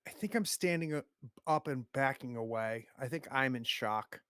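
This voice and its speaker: A man's voice: mid-range voice, normal speed, bright, forceful tone, smooth, no room sound, studio quality. A man playing a tabletop game, thinking aloud about his character's choices. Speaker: player. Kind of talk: tabletop role-play.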